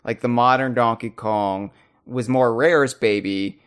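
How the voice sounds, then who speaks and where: A man hosting a casual podcast, talking fast with loud, animated bursts. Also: mid-range voice, clear, resonant tone. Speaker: podcast host.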